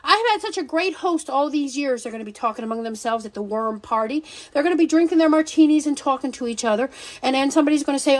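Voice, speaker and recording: A woman hosting a casual live stream, talking in an animated, joking, scattered way that keeps interrupting itself. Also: high voice, very fast.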